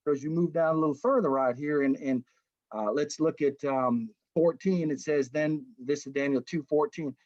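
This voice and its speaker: A man's voice: on the high side, moderate pace, dry recording. Casual man teaching a Bible study. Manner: conversational, animated storytelling, says "man" often. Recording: dull dry lo-fi recording.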